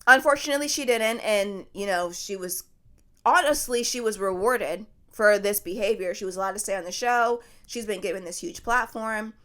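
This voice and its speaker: A woman's voice: mid-range voice, normal speed, a bit bright. A woman hosting a podcast, giving blunt, emphatic commentary in a casual chatty way and swearing freely. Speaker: podcast host.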